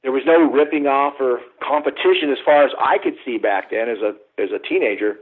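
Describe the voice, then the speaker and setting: A man's voice: mid-range voice, brisk. A middle-aged man, a guest photographer, telling rambling, profane stories over the phone. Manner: rambling, profane, acts out quoted dialogue. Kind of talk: casual storytelling. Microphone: phone call. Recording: tinny phone line.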